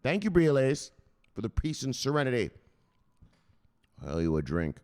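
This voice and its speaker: A man's voice: medium pitch, huge pitch swings, normal speed, darkish tone. A man who hosts a crypto news show, chatting casually in a joking, profane, rambling way. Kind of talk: casual livestream chat.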